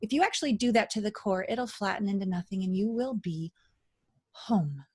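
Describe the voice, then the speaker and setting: A woman's voice: mid-range voice, lively intonation, normal speed, darkish tone, breathy edge. A middle-aged woman talking as a guest coach in a casual interview, emphatic and dramatic.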